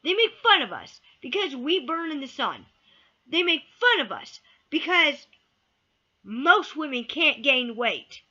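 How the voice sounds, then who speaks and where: A woman's voice: high voice, very animated, a little slow, bright, forceful tone, muffled recording. A woman giving a heated opinion rant to camera. She repeats key words for emphasis and sometimes swears. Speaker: vlogger.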